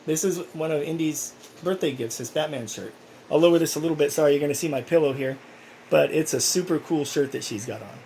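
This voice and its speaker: A man's voice: a little high, brisk, darkish tone, a little hiss or hum, rough recording. A man talking casually in a personal vlog, rambling and earnest, with many restarts. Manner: earnest, encouraging. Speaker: vlogger.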